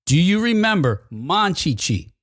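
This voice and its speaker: A man's voice: high voice, sing-song, measured pace, a bit bright, no echo, clean studio sound. A man co-hosting a casual chat show, telling stories and laughing often. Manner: chatty storyteller, laughs often. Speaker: podcast co-host.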